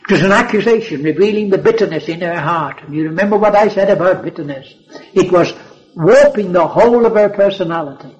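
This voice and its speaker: A man's voice: high-pitched, normal speed, poor audio. A man preaching an earnest sermon, teaching from the Bible with emphatic repeated phrases.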